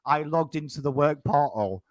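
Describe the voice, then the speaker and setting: An English man in his thirties, co-hosting a casual chat and telling stories in an animated way, swearing freely. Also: on the high side, moderate pace, no room sound. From England. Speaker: co-host.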